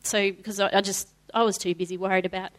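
A woman's voice: mid-range voice, fast. Chatty woman telling a story. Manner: animated storyteller, with hesitant fillers. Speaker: guest speaker sharing a testimony. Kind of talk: personal testimony told to an audience.

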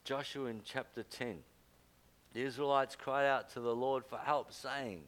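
An older man preaching a sermon, emphatic, with loud exclamations and low quiet asides. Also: fairly even intonation, measured pace.

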